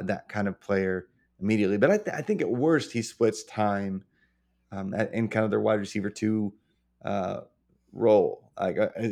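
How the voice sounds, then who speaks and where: Low, gravelly man breaking down football. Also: a little mellow. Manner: hesitant, many uhs and restarts. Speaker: podcast co-host. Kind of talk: casual sports analysis.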